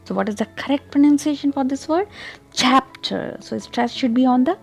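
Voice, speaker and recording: A woman teaching English pronunciation in an online tutorial, explaining carefully and deliberately, and pronouncing example words with clear stress. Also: high voice, warm tone, soft background music.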